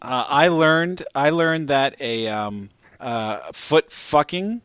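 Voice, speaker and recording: Profane, animated male podcast storyteller. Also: mid-range voice, slow, smooth, no echo. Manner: profane, animated storyteller who gets loud at climaxes. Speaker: podcast host. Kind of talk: casual storytelling chat.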